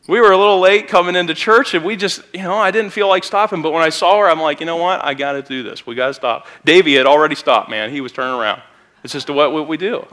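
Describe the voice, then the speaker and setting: This Midwestern American youth pastor has a fairly high-pitched, fairly bright voice. Preaching in the church sanctuary, he spins stories in a conversational manner, punctuated by abrupt emphatic climbs.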